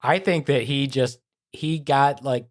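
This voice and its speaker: A man's voice: medium pitch, unhurried. A man hosting a podcast in casual chat, telling stories and acting out the people in them. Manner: lively storyteller who acts out quoted people. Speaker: podcast host.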